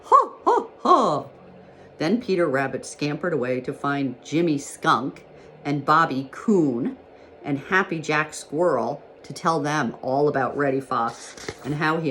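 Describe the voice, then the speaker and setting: A woman teacher reading a storybook aloud to first graders in a gentle, expressive storytelling manner. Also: sits low, a little hiss or hum. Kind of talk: storybook read-aloud for children.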